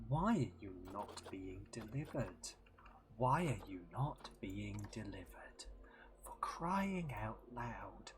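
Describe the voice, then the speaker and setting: A man doing a slow, disappointed head teacher. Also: fairly low pitch, background noise. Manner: drawn-out, hushed, half-whispered.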